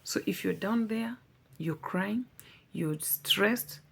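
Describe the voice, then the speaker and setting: A woman's voice: medium pitch, slow, creaky, fairly bright tone, husky. A young adult woman vlogger giving a heartfelt personal testimony, earnest and pleading, repeating words for emphasis.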